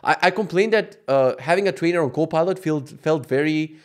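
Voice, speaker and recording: A man's voice: on the high side, a little fast. Swearing man on a rambling podcast rant. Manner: profane, ranting, wandering off on tangents. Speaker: podcast host. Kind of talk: casual rambling monologue.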